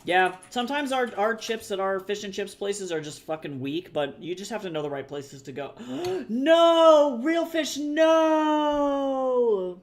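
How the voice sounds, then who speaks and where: A man's voice: sits high, fairly quick, few pauses, a bit bright. An American man streaming, chatting casually with viewers and swearing freely as he reacts to the chat. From United States.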